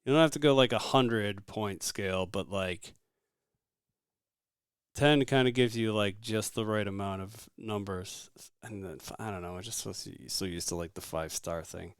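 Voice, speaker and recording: A man hosting a casual podcast, rambling and relaxed with lots of fillers. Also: fairly low pitch, normal speed, clear, resonant tone, no room sound, clean studio sound. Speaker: podcast host.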